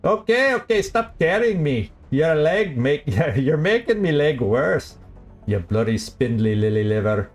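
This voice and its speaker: A man's voice: fairly high pitch, very animated, soft background music. A man putting on a cursing Scottish soldier. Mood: grumbling, cursing. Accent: put-on Scottish. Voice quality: gruff, rapid-fire insults.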